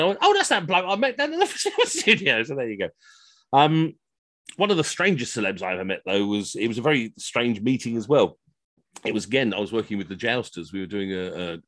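A man's voice: on the low side, dry recording, studio quality. A man telling comic stories, chatty and rambling, over a video call. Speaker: costumed entertainer, storyteller. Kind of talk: comic storytelling.

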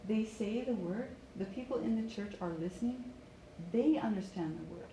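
Pronunciation coach, woman from Canada, mellow voice, drills stressed words in a roomy space with faint hiss. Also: medium pitch, normal speed. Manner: stresses words and repeats phrases for students to echo. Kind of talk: live online pronunciation lesson.

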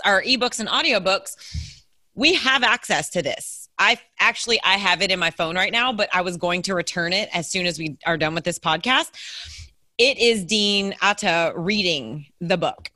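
A woman from Louisiana co-hosting a book podcast, talking in an animated, rambling way. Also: mid-range voice, no echo. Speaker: podcast co-host, educator. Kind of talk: casual book chat.

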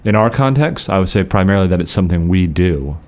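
A man co-hosting a podcast, explaining theology in a measured, conversational way with frequent restarts. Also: low voice, lively intonation, darkish tone.

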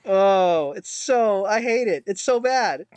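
Higher-voiced man rambling on a podcast. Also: animated, slow pace, darkish tone, clean tone, no room sound. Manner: rambling, self-mocking, lots of fillers and restarts. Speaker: podcast co-host. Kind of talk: casual chat.

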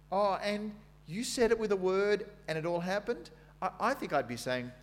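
A man's voice: sits high, huge pitch swings, fairly quick, slight background noise. An Australian man preaching a sermon. He tells the story in a conversational way and reads scripture aloud with dramatic emphasis.

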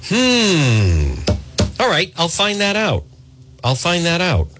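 A middle-aged man hosting an opinionated talk radio monologue, acting out quotes and often clearing his throat. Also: fairly high pitch, takes it slowly, over music. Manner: animated, acts out quotes, frequent throat clearing. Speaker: radio talk show host.

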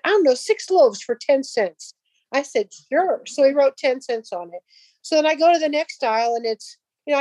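A middle-aged woman tells a personal story in a relaxed, chatty way. Her voice sits a little high, and she acts out each quoted line with lively shifts. The sound is close and dry, with no room around it. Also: no room sound. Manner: animated, acts out dialogue in voices. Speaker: guest telling a faith story. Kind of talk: casual storytelling.

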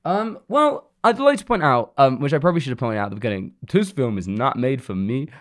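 A man's voice: medium pitch, expressive, brisk. A young man, chatting casually about a film, rambling and laughing often.

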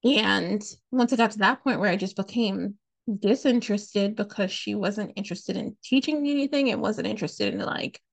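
A woman's voice: mid-range voice, normal speed, vocal fry. A woman hosting a podcast, telling a personal story in a candid, blunt, casual way, swearing freely and leaning on "like" and "you know.". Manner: frequent "like" and "you know" fillers. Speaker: podcast host.

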